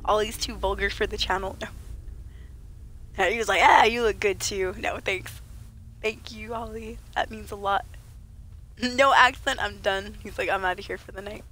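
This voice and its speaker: A woman livestreaming a game, chatting playfully with viewers and laughing often, her voice a little rough from being sick. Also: mid-range voice, fairly even intonation, normal speed, pauses often, bright, forceful tone. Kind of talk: casual livestream chat with viewers.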